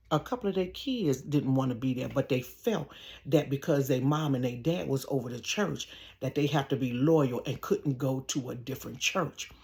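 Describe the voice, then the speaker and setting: Animated woman telling a story to camera. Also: sits low. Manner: animated, talks straight to viewers, acts out quotes. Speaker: storytime vlogger. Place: bedroom. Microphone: camera close up.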